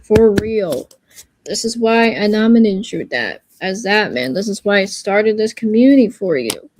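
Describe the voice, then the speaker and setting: A woman's voice: mid-range voice, animated, normal speed, a little mellow, slight background noise. A woman on a casual livestream giving an earnest, reassuring pep talk, rambling and searching for her words as she goes.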